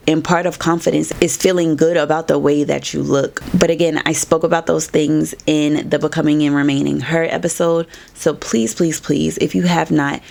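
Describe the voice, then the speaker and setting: Young woman podcast host, low-pitched with vocal fry, assertive and preachy self-help delivery. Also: a little mellow. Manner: assertive, preachy, faith-based encouragement. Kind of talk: motivational self-help talk.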